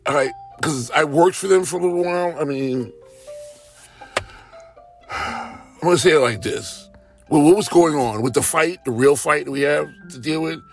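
In a casual, rambling monologue, a man with a high-ish voice and some vocal fry animatedly tells everyday stories. He's a storyteller who acts out what other people said.

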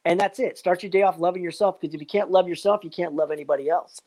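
This casual, upbeat rambler peppers his talk with fillers and motivational asides, returning constantly to "man" and "you know what." He speaks fast in a high-pitched, darkish voice.

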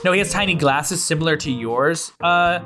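A man's voice: fairly high pitch, moderate pace, music in the background. A man narrating a tabletop game as game master, rambling with fillers and restarts.

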